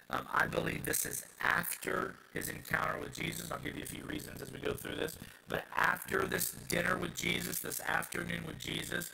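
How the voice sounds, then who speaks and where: A man preaching a sermon as pastor, swinging from hushed asides to loud shouted passages. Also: fairly high pitch, creaky, slight background noise, rough recording.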